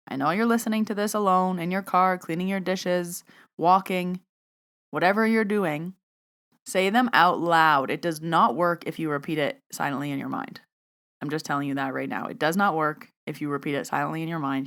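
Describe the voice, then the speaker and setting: A woman with a slightly low voice hosts a solo podcast. She talks in a chatty, direct way, like a coach nudging her listeners along, and jokes about herself as she goes. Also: fairly bright tone. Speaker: podcast host and mindset coach. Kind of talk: casual solo podcast talk.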